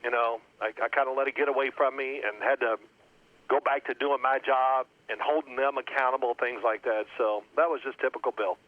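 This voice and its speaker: A man in his sixties, a former quarterback, telling lively football anecdotes and acting out his old coach's yelling. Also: mid-range voice, a little fast. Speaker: former NFL quarterback guest. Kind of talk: storytelling phone interview. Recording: tinny phone line.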